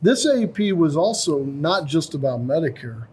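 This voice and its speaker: A man's voice: a little high, moderate pace, slightly rough. A man who heads a company, chatting casually on a podcast and telling a story with acted-out lines from the people in it. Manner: animated storyteller acting out voices. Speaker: company CEO and podcast host.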